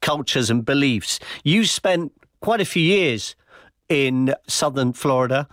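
A man from England's West Country presenting a radio news program, putting measured questions to guests. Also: medium pitch, expressive, a bit bright, no echo, studio quality. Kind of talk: radio interview hosting.

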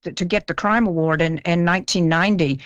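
A woman's voice: fairly low pitch, steady tone, fast talker, no echo, highs cut off. An older woman from the South, telling stories as a guest in a chatty, self-deprecating way, often repeating words as she starts. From American South. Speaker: guest author. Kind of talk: casual interview storytelling.

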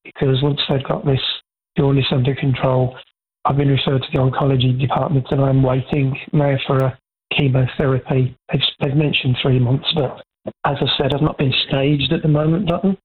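A man's voice: medium pitch, level tone. Hesitant male caller on a phone line. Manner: halting, hesitant, many fillers. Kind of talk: radio phone-in call.

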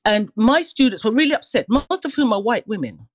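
Female radio guest, expressive and lively, dry close mic. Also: a little high, a little fast, no room sound, rough recording. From London. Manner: expressive, acts out greetings. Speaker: radio guest and dance teacher. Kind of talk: live radio chat.

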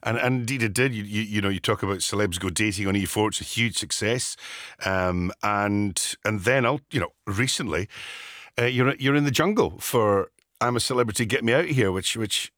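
A man's voice: on the low side, moderate pace, fairly bright tone, dry recording, studio quality. A man interviewing a guest on the radio, who is eager and often restarts his sentences. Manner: enthusiastic, stammering restarts.

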